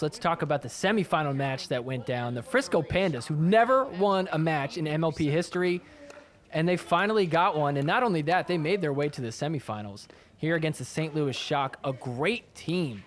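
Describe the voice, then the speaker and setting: A man hosting a podcast, casually recapping sports clips with a sarcastic, chatty manner. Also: a little high. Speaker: podcast host.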